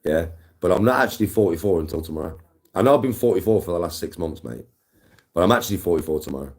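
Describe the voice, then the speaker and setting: A man's voice: low-pitched, lively intonation, fast, darkish tone. A man, chatting casually on a live stream, swearing freely and greeting viewers. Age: 40s. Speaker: livestreamer.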